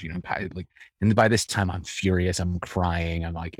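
A man with a very low voice talks as a podcast guest in a reflective, storytelling way. He circles back and restarts phrases as he thinks. The sound is dry and close. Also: steady tone, moderate pace, no room sound. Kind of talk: conversational interview.

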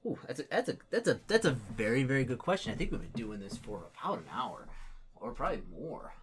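A man's voice: medium pitch, very animated, quick pace, fairly bright tone, slight background noise. A man running a tabletop game as game master, rambling with lots of fillers and restarts.

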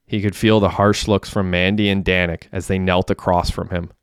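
A man reading a crime story aloud in a plain, steady way. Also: sits low, normal speed, smooth, dry recording, clean studio sound. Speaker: narrator. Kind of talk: audiobook narration.

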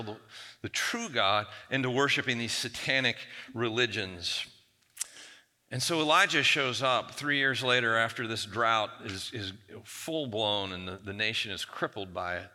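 A man's voice: medium pitch, pushed and bright. A male pastor telling a Bible story in a conversational, humorous sermon with frequent restarts, recorded in a church. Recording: long church reverb.

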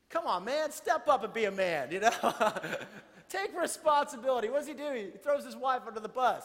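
A man preaching a sermon to a congregation, conversational and animated, with playful asides. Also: very high-pitched, moderate pace, long reverb tail. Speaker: pastor.

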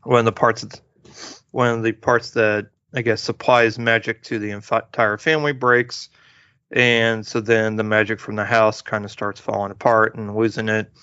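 Reviewing a movie on his podcast, a man chats in a relaxed, rambling manner with frequent fillers and restarts. His fairly low, smooth voice moves at a moderate pace. The dull, lo-fi, dry recording has no room sound.

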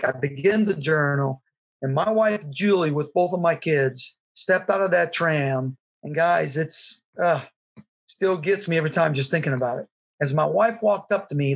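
An earnest middle-aged man tells a personal story in a slightly breathy, husky voice that sits a bit high. He is halting and sincere and often restarts his sentences. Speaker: guest sharing his testimony.

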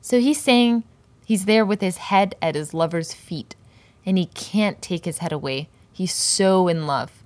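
A woman teaching a language lesson, explaining a poem's words slowly and carefully and repeating each term for learners. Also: on the low side, a little mellow, dry recording. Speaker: Persian language and poetry teacher.

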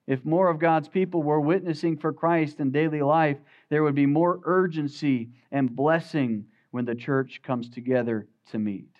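A man preaching a sermon as pastor, swinging from loud emphatic peaks to quiet, low asides. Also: steady tone, normal speed, hardly any pauses, muffled recording.

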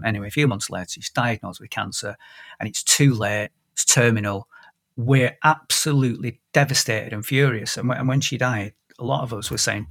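This is a husky man in his fifties hosting a podcast. He tells stories in an animated way, often restarting his sentences mid-thought. His voice sits at an average pitch. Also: fairly quick. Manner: animated storyteller with frequent restarts. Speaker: podcast host. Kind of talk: casual conversation.

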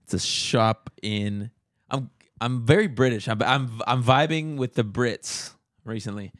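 A man with an average-pitched voice bantering on a casual podcast, teasing his co-host with sarcastic jabs. The sound is dry and close, with no room around it. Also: unhurried, fairly bright tone, dry recording.

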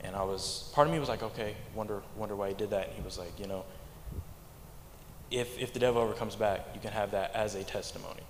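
A young man giving a church testimony in a halting way, often repeating words, mostly speaking quietly. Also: on the low side, slight background noise. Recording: echoey hall, faint ambience.

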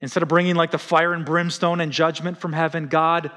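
A middle-aged man preaching a sermon as pastor, animated and conversational, often acting out quotes. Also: a little high, a little fast. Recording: reverberant hall.

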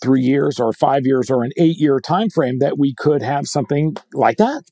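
A man's voice: medium pitch, animated, normal speed, dark tone, dry recording, clean studio sound. A man hosting a podcast, asking long rambling questions with many restarts. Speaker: podcast host. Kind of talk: conversational interview.

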